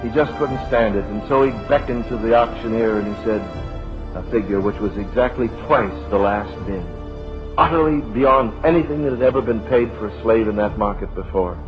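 A man preaching a sermon, telling a story dramatically and dropping to a hush at key moments. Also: lowish voice. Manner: dramatic, slows and drops to a hush. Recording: dull lo-fi recording with music.

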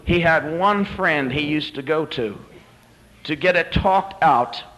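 Guy preaching, higher voice, tells the story big and dramatic. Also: slow pace, fairly bright tone, poor audio. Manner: dramatic storytelling, rising to emphatic peaks. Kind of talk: sermon.

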